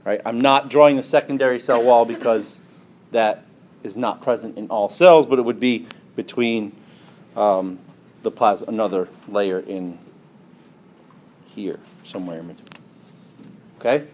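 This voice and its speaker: A man's voice: fairly low pitch, a little slow, pauses often, a little mellow, a little hiss or hum. Man lecturing, drawing as he explains. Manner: asks questions and answers them, tags lines with "right?" and "okay?"; drawing on a board while explaining. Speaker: biology lecturer. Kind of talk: classroom lecture.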